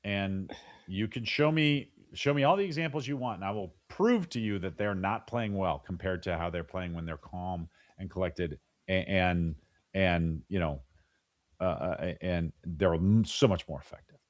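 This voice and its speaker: A middle-aged man, a podcast guest, speaks in a low voice at a moderate pace during a casual interview. He talks animatedly, often restarting and repeating words, and acts out the voices of parents and kids.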